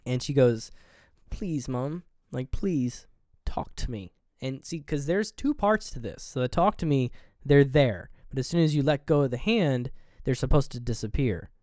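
A man's voice: medium pitch, expressive, moderate pace, a little mellow, no room sound, studio quality. A man co-hosting a podcast, retelling horror film scenes in casual, profane chat and acting out the characters' lines. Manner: loose and profane, acts out scenes in quoted voices. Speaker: podcast co-host. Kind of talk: casual movie review chat.

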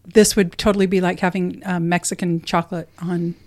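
A woman's voice: on the low side, level tone, fairly quick, darkish tone. A woman co-hosting a casual food-tasting chat, chatty and amused as she describes flavors in detail. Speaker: co-host.

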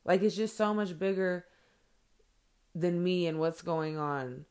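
A woman and mother talking straight to her followers in an earnest, blunt monologue, swearing freely and filling pauses with "like" and "um". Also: lowish voice, a little mellow, clear, resonant tone. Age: adult with children. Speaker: vlogger addressing followers. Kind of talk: heartfelt direct-to-camera monologue.

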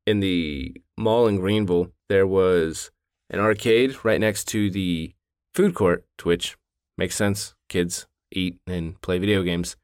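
A man in his thirties with a lowish voice, chatting loosely and swearing freely as he tells sarcastic stories. The sound is dry and close, with little room around it. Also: slow, darkish tone, clean tone, dry recording. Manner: profane, sarcastic storytelling. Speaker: podcast co-host. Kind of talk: casual chat.

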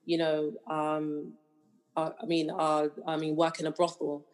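A woman's voice: sits low, monotone, unhurried. A woman with a British accent touched by Nigerian speech, talking things through on a casual podcast with many fillers. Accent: British with Nigerian influence. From United Kingdom. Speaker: podcast co-host. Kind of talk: casual chat.

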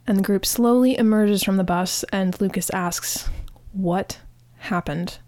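A woman hosting a podcast, giving a casual, animated recap of a TV episode with frequent restarts. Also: medium pitch, moderate pace, no room sound. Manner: chatty, animated retelling with restarts. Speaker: podcast host.

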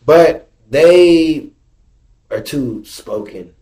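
A man's voice: a little high, lively intonation, very slow, mellow. A man hosting a podcast, chatting casually in a laid-back, slangy way about his kids. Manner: laid-back, slangy, laughs while talking. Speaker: podcast host. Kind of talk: casual chat.

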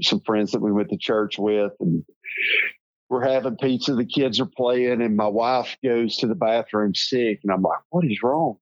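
A middle-aged Southern man from Tennessee, telling his life story as an interview guest in a slow, halting, reflective way. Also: fairly low pitch, dry recording, muffled recording. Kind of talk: personal storytelling.

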